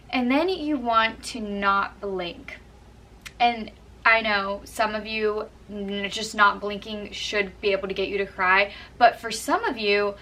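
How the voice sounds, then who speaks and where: Bright-voiced young woman giving tips. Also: medium pitch, far from the mic, poor audio. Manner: chatty, earnest, frequent "like" and "kind of". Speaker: vlogger giving acting tips. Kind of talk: casual how-to talk to camera.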